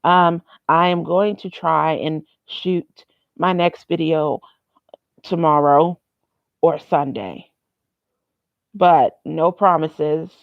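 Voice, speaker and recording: A woman's voice: sits low, slow, vocal fry, long pauses, no echo, phone-quality sound. A young woman vlogging casually, rambling and candid, swearing freely. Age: young adult. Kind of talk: casual vlog monologue.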